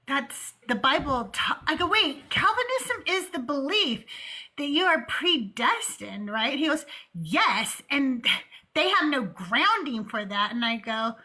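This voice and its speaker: A woman hosting a call-in show from home, casually retelling arguments in animated, profane detail. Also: high-pitched, a little slow. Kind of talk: casual storytelling chat. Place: home with cats playing.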